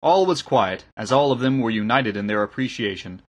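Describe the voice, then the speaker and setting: A man reading an audiobook aloud in a measured, steady narration with a husky voice. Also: medium pitch.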